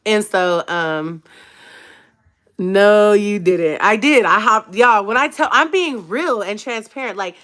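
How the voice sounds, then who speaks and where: A woman vlogger telling her viewers a personal story in a casual, animated way, full of slang and asides, laughing often and swinging between hushed and loud. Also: mid-range voice, slow pace.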